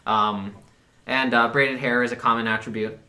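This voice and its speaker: A man's voice: mid-range voice, steady tone, moderate pace, sharp tone. A man narrating a tabletop game as game master, hesitant with many fillers.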